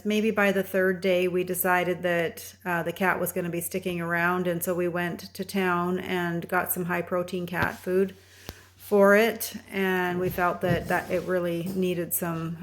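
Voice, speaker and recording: A woman co-hosting a homestead channel, telling a story in a casual, unhurried way, step by step. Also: on the low side, little pitch movement. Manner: unhurried, recounting events step by step.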